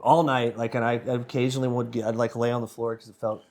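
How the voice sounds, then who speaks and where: Podcast guest, man in his 30s, excitable rambler, salty language, mid-range voice. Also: medium pitch, quick pace. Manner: excitable, rambling, swears freely. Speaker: guest band member. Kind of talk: casual anecdote telling.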